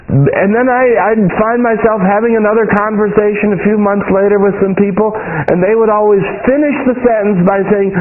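A male preacher with a high, light voice delivers a sermon with frequent amens and a storyteller's pace. He acts out the prayers he once cried out. The sound is thin and phone-like, as if heard over an old radio broadcast. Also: moderate pace. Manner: call-and-response amens, storytelling with quoted prayers.

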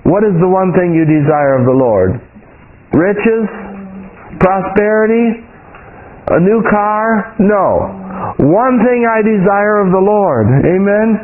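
A male preacher with a high, light voice delivers a sermon with frequent amens and a storyteller's pace. He acts out the prayers he once cried out. The sound is thin and phone-like, as if heard over an old radio broadcast. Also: takes it slowly, slight background noise. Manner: call-and-response amens, storytelling with quoted prayers.

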